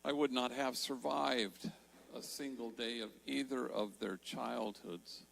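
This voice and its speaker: An older man giving a storytelling talk in a large church, slowing down to stress key words. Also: mid-range voice, fairly even intonation, vocal fry, rough recording. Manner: warm storytelling, slows for emphasis. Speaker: Jesuit priest and speaker.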